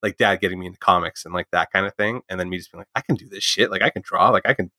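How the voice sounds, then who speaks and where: A man's voice: low voice, racing, pushed and bright, no room sound, studio quality. A man chatting casually, rambling with lots of "like" and frequent swearing. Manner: rambling, swears often, heavy use of "like". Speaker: drummer and comic artist. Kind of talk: casual chat.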